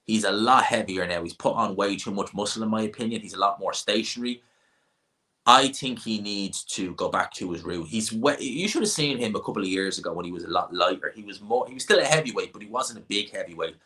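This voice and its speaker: A man's voice: lowish voice, lively intonation, brisk, sharp tone. A young Irishman, rambling casually while he answers chat questions on a boxing stream and repeats himself. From Ireland. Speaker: boxing channel host.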